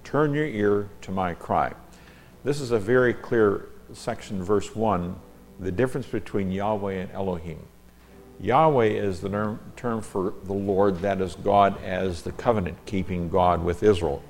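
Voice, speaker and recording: A man's voice: on the low side, a little mellow. A man teaching a Bible passage, reading scripture aloud with rising emphasis and explaining Hebrew terms.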